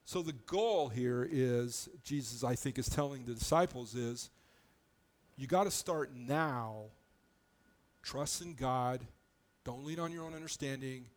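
A man delivering a sermon as a pastor, with a mid-pitched voice of ordinary height. He preaches conversationally and plainly, often breaking off and restarting a phrase as he works through his explanation. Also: a little slow.

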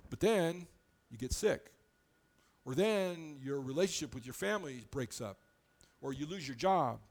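A man's voice: on the high side, animated, unhurried. A man preaching a sermon as pastor, in a conversational, plain-spoken way, often restarting his phrases as he explains.

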